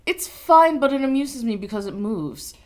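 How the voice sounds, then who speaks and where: Woman, young adult, toy review co-host, playful, jokey, animated chat. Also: a little high, moderate pace.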